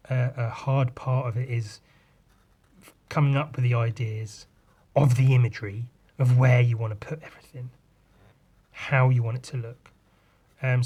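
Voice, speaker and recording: A podcast host who is also a comic artist rambles casually about drawing, swearing freely along the way. His voice is medium in pitch and a little mellow.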